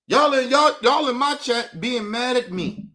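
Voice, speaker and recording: A man rants into his streaming mic at a high pitch, talking straight to the viewers in his chat. His voice is bright and forceful, and his mocking, profane delivery stays combative throughout. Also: lively intonation, a little slow. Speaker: livestream host. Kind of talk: profane livestream rant to chat. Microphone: streaming setup mic.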